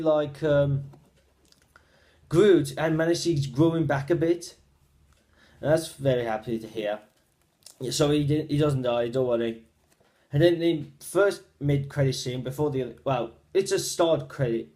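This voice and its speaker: A man giving a casual spoken film review, retelling the plot in a rambling, halting way with frequent restarts. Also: medium pitch, dark tone.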